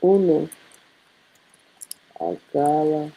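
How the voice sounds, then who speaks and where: A woman's voice: sits low, very animated, very slow, dark tone, breathy edge, low-quality recording. A woman building a language study sheet on screen, thinking aloud, muttering and correcting herself as she types practice phrases. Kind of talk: casual screen-share lesson, thinking aloud.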